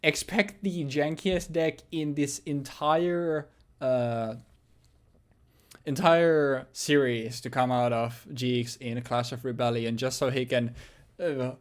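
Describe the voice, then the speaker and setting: Young man, co-host, casual chat, joking, filler-heavy, mid-pitched. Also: fairly even intonation, takes it slowly. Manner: loose and joking, lots of fillers and swearing. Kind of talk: casual chat about a card game.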